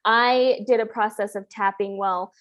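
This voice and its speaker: A woman's voice: mid-range voice, steady tone, moderate pace, fairly bright tone. A woman hosting a podcast, talking in an earnest, coaching way with many restarts. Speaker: podcast host. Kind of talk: casual podcast conversation.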